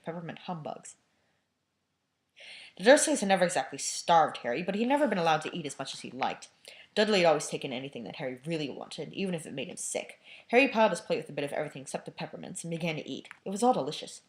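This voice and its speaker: A woman reading a novel aloud with casual, laughing asides. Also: lowish voice. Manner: laughs often, casual commentary. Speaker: amateur reader.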